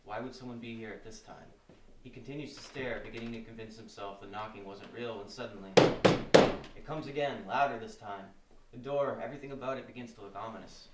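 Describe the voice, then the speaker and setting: A man narrating the stage directions at a live script reading, with a steady, descriptive delivery. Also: lowish voice, fairly quick. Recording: roomy stage sound from far off, faint noise.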